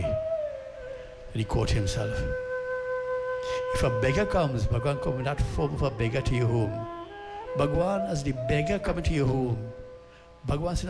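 A man's voice: a little high, huge pitch swings, normal speed. A man, telling a devotional story as a spiritual teacher, earnest and repeating phrases for emphasis. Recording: loud flute music behind the voice.

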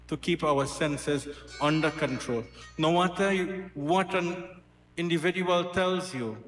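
A man's voice: on the high side, fairly bright tone. A man giving a devotional sermon at a gathering. He tells stories in an earnest, repetitive way. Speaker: satsang speaker. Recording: roomy hall, faint music.

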